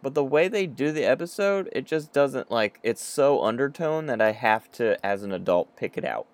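A man's voice: medium pitch, animated, moderate pace. A man in his thirties chatting casually as a podcast co-host, sarcastic and profane, acting out characters as he talks. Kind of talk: casual chat.

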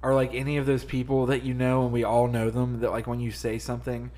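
A young man talks loosely in a casual podcast chat, joking and laughing as he rambles. His voice sits at an ordinary middle pitch. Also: completely flat delivery, fast talker, darkish tone. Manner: laid-back, joking, laughs often. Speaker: podcast co-host.

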